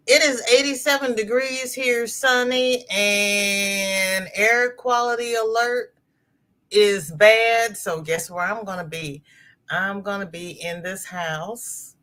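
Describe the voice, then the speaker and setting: Slow-talking woman hosting a crochet livestream. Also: medium pitch, steady tone, a bit bright. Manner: greets viewers by name and reads their chat comments aloud; chatty and affectionate, calling viewers girl, honey and darling. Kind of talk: casual livestream chat. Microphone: laptop.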